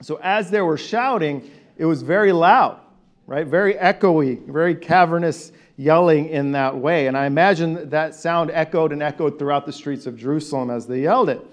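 A man preaching a conversational sermon, animated and leading his congregation in call and response. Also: on the high side, normal speed. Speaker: pastor.

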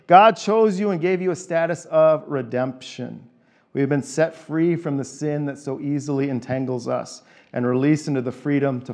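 A man preaching a sermon as a pastor, leaning on repeated phrases and switching between quick casual asides and slow, stressed lines. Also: a little high, darkish tone.

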